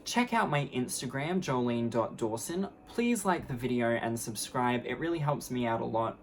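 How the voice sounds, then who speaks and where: A woman's voice: extremely low pitch, animated, moderate pace, slight background noise. A young adult woman telling a story on her vlog, candid, blunt and sarcastic, mocking the people in it with put-on voices. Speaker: vlogger.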